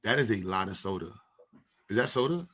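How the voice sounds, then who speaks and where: A Brooklyn host with a voice on the low side speaks a little fast, with lively intonation and a fairly bright tone. He runs a loose, joking chat, laughing and using plenty of slang.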